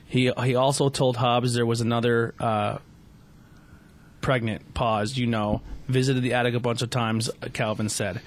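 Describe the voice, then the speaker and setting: A man's voice: mid-range voice, little pitch movement, a little slow. A young adult man, a podcast host, casually reading a fan story aloud on his show, stumbling often and restarting lines. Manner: stumbling read-aloud with frequent restarts and fillers.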